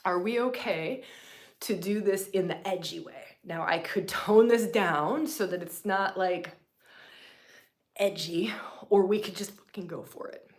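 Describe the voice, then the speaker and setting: A woman leading a spiritual teaching session live, swinging from loud, emphatic, profane lines to hushed whispers and repeating phrases for effect. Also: lowish voice, measured pace. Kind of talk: impassioned spiritual teaching on a livestream.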